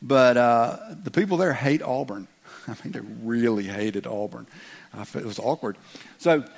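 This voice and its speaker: A man's voice: medium pitch, normal speed, creaky. A man with a Southern US accent, a pastor leading prayer and preaching a sermon to a church congregation in a folksy, joking way. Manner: folksy and joking, speeds up when reading scripture. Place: church sanctuary.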